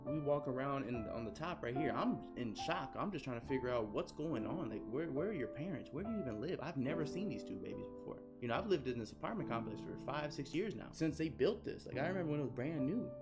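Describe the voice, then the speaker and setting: A man telling a story in a rambling, animated way, often repeating his phrases. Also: medium pitch, fast, hardly any pauses, loud music behind the voice. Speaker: streamer. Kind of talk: casual storytelling.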